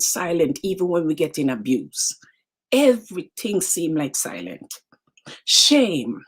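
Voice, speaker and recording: A woman's voice: lowish voice, husky. A woman with a Caribbean English accent, hosting a live motivational talk and speaking straight to her viewers, emphatic and repeating phrases. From Caribbean islands. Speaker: show host.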